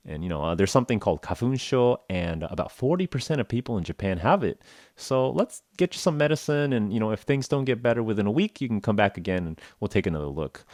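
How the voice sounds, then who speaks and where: Deep-voiced man telling a lively story. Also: fast, dry recording, clean studio sound. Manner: animated, acts out dialogue with laughs. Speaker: podcast host. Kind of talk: casual storytelling for English learners.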